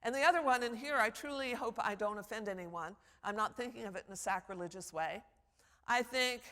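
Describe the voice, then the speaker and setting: A woman's voice: medium pitch, fast talker. A woman teaching public speaking at a conference, lecturing and acting out quoted voices as examples. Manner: animated, acts out quoted voices. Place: conference hall. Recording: long hall reverb.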